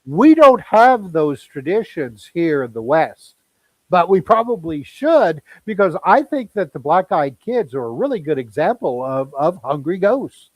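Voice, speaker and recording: A man's voice: fairly high pitch, very animated, measured pace, dry recording, poor audio. A man speaking as a guest in a casual chat, explaining things in a conversational way with many fillers.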